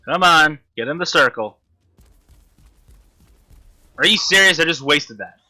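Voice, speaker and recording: Man, gameplay commentary, constant swearing, sharp bright voice. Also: on the high side, animated, a little slow. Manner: frustrated, swearing constantly, talking to the enemy. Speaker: gamer.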